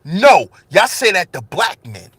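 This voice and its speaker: Man, high lively voice, bright tone, passionate rant, repeated phrases, dry close sound. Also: unhurried, husky, dry recording. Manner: preachy, repeats phrases, rhetorical questions; raises his voice with passion. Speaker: commentary channel host. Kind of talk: impassioned monologue.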